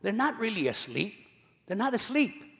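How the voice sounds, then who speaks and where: Man, pastor, sermon, high voice, emphatic, repeats phrases, long church reverb. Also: big pitch swings, normal speed, vocal fry. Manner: emphatic, repeats key phrases, swings between loud and soft.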